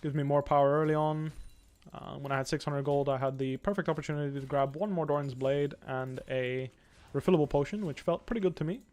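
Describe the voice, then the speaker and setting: A young man giving live commentary while playing a video game, thinking aloud in a calm, analytical way. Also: on the high side, brisk. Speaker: pro gamer streaming.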